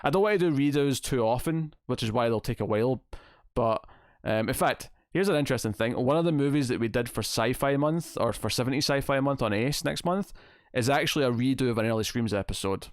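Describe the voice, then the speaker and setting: A man with a mid-range voice hosts a casual livestream, chatting and reading viewer comments at a brisk clip. He rambles, amuses himself, and laughs at his own jokes. The studio recording is clean, with no room sound.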